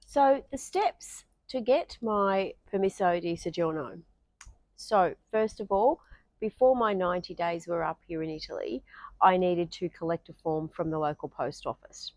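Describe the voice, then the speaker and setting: A woman's voice: lowish voice, unhurried, darkish tone, dry recording. An Australian woman talking through her own experience in a casual vlog, chatty, with frequent ums and restarts. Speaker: vlogger.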